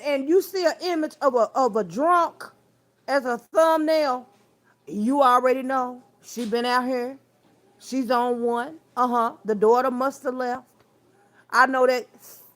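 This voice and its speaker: A woman hosting a casual livestream, scolding someone in a sassy, trash-talking way, stretching out words for emphasis and greeting her viewers. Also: high-pitched. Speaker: livestream host.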